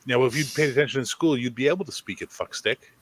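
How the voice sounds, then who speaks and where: A man's voice: medium pitch, fast talker, dry recording, rough recording. A Canadian man hosting a casual chat podcast, swearing freely and dropping into French. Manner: profane, storytelling, switches into French. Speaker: podcast host.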